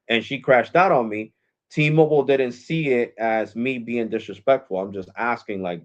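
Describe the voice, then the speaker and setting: A man's voice: medium pitch, normal speed. Profane storytelling man on lo-fi stream. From Puerto Rico. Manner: animated, profane, acts out other people's lines in quotes. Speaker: live streamer. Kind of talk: casual storytelling to a live stream audience. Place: at home.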